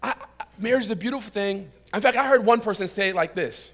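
A man's voice: high voice, fast talker. A male pastor preaching a sermon in church, joking and telling stories, calling on the congregation to answer back. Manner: calls out to the congregation for responses; lively, joking storyteller.

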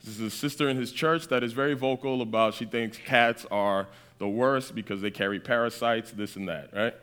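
A man preaching in a storytelling style, animated, checking in with his listeners again and again. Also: medium pitch, moderate pace, clear, resonant tone. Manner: animated, keeps checking in with "right?". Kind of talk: storytelling sermon.

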